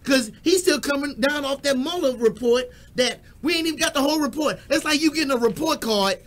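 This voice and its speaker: A man with a strikingly high voice co-hosts a casual music talk show. He launches into animated, profane rants full of jokes, shouting when he gets worked up. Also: brisk. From Texas. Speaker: co-host. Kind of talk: casual radio-style chat.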